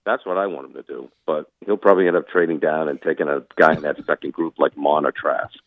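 A man's voice: a bass voice, fairly even intonation, quick pace, no room sound. A man calling in as a sports commentator, talking in a casual interview with emphatic, opinionated rants. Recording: tinny phone line.

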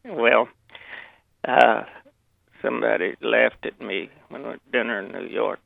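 A man's voice: medium pitch, steady tone, a little slow, vocal fry, dry recording. An older man with a Southern accent, telling rambling stories with chuckles and restarts as a guest. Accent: Southern American. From Memphis, Southern US. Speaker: guest, actor and author. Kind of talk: relaxed anecdotal interview. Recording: dry, tinny phone line.

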